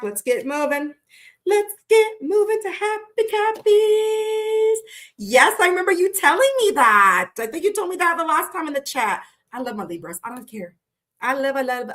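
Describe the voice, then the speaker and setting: A woman's voice: on the high side, sharp tone. Blunt, chatty woman tarot streamer. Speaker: tarot reader. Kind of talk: casual live-stream tarot reading.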